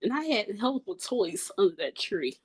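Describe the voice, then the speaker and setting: A woman's voice: mid-range voice, big pitch swings, a little fast, breathy edge, low-quality recording. A woman co-hosting a podcast in casual chat, musing hesitantly and bluntly with slangy asides. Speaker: podcast co-host.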